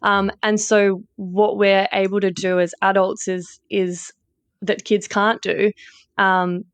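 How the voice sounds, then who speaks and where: A woman's voice: mid-range voice, little pitch movement, slow, clean tone, dry recording. A woman hosting a podcast, talking candidly and casually, with the odd swear word. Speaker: podcast host. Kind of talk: casual conversational interview.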